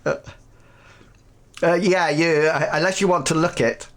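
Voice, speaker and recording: A man narrating a tabletop game as game master, halting with frequent fillers. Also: a little high, fairly even intonation, a bit bright.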